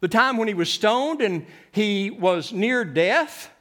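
A man preaching a sermon, swinging from loud, emphatic lines to hushed ones and often repeating his words. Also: high voice, expressive, slow pace.

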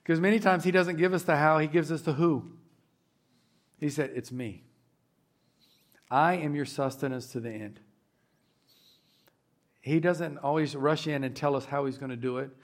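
Gravelly-voiced man preaching earnestly. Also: on the high side, fairly even intonation, moderate pace, pauses often. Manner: earnest, builds to fervent emphasis. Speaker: pastor. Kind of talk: sermon.

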